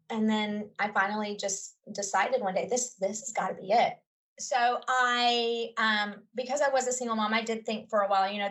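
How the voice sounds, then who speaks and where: A woman's voice: medium pitch, far from the mic, low-quality recording. A woman in her forties, a teacher, telling her story in an earnest, heartfelt way with many fillers. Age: 40s. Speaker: teacher and guest. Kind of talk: personal story in a podcast conversation.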